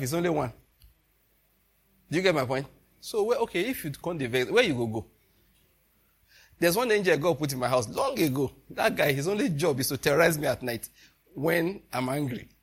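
A pastor with a slightly rough, fairly high voice preaches a sermon in a loose, conversational way. He chuckles often and frequently breaks into laughter while telling stories.

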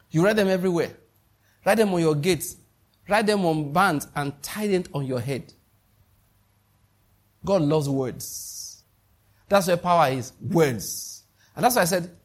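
A middle-aged man with a Nigerian accent preaching a sermon, emphatic, repeating key phrases and checking that his listeners follow. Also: a little high. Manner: emphatic, repeats lines, asks the congregation questions. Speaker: pastor.

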